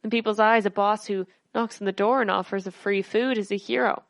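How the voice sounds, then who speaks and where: A woman's voice: medium pitch, fairly even intonation, brisk, dry recording. A woman podcast host reading news stories aloud, her speech slightly slurred.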